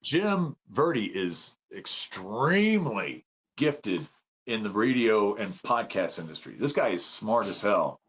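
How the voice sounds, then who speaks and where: Podcast guest: fifties man from the United States, swoops up and down, excitable storyteller. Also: on the low side, slow, a little hiss or hum. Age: 50s. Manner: animated, excitable, acts out quoted voices. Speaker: podcast guest, veteran and citizen journalist. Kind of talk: casual storytelling interview.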